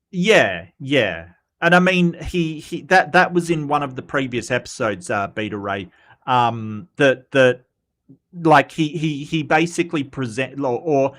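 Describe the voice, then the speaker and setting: A man's voice: medium pitch, a bit bright. A man hosting a casual live-stream commentary, sarcastic and exasperated, rambling with frequent restarts. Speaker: host.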